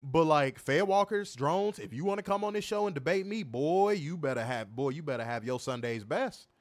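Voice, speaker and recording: A young man co-hosting a wrestling review livestream, reading chat comments and trash-talking in a profane, animated way. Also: on the high side, moderate pace, no echo. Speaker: wrestling podcast co-host.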